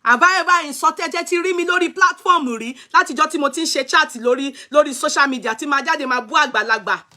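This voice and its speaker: A young Nigerian woman with a Yoruba-speaking accent hosts a gossip livestream. She scolds her viewers in an animated way and mixes Yoruba and English as she talks. Her voice is high and bright. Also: fast. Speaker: gossip show host.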